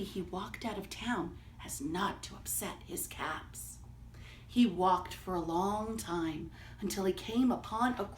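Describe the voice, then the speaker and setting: A woman reading a children's picture book aloud, drawing out words in an expressive storytelling manner. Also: medium pitch, takes it slowly, a little hiss or hum. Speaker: storybook reader. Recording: roomy, from a distance.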